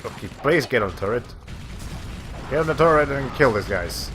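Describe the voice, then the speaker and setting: A man's voice: mid-range voice, expressive, a little fast, a bit bright, slight background noise. A man streaming a video game, losing his voice as he rambles and thinks aloud while playing, with casual swearing. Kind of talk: casual let's-play commentary.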